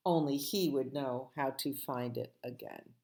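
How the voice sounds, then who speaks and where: A middle-aged woman, a children's librarian, reading picture books aloud and chatting gently and playfully with small children. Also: rumbling low, measured pace.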